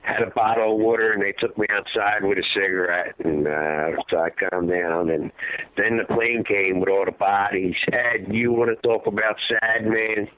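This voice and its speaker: A man tells his story down a tinny phone line, with a dry, close sound. He is a grieving father and talks in an impassioned, rambling way. His voice sinks low and heavy when the memories get hard. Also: steady tone, normal speed, no room sound. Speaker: guest, father of a fallen soldier. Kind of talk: emotional storytelling interview. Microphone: phone call.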